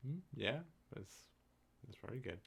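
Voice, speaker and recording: A man's voice: fairly low pitch, expressive, measured pace, gravelly, fairly bright tone, husky. A man co-hosting a casual podcast who often restarts his sentences and fills them with "like". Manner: stammering restarts, frequent "like". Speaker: podcast co-host.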